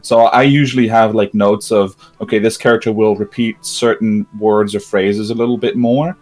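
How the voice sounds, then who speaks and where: Low-voiced man giving thoughtful advice. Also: steady tone, moderate pace, a little mellow, soft background music. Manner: thoughtful, hesitant with fillers. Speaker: game master. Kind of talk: casual roundtable chat.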